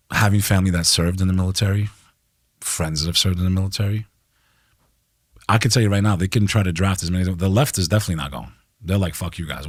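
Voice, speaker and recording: In this clean, echo-free studio recording, a middle-aged American podcast guest makes his case with impassioned, profane emphasis, constantly tossing in "bro." His voice is low-pitched.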